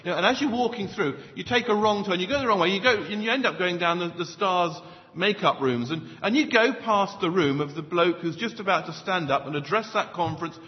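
Preacher with a lively, high voice. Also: male voice, a little fast. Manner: emphatic, swings between loud stresses and soft low asides. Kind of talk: sermon. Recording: dull lo-fi sound with long hall reverb.

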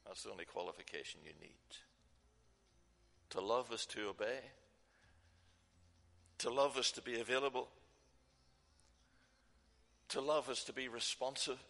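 A man's voice: mid-range voice, gravelly, pushed and bright. A man preaching a sermon, telling personal stories with emphatic, repeated phrases. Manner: emphatic, repetitive storytelling delivery. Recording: long reverb of a large hall.

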